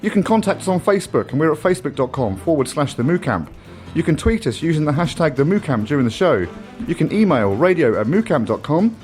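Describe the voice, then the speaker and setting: Radio guy reading contact info deadpan, bit higher voice, faint music behind. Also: fast. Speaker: radio show co-host. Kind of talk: jokey contact-details read-out.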